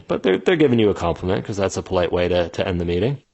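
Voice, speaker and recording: A man with a fairly low, slightly husky voice explains things in a loose, chatty way. His pitch moves around a lot, so the delivery stays animated, and he keeps dropping in little fillers as he goes. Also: racing, hardly any pauses. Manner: conversational, many fillers, animated when quoting people. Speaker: instructor explaining customer interviews. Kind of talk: casual spoken lesson, acting out example dialogues.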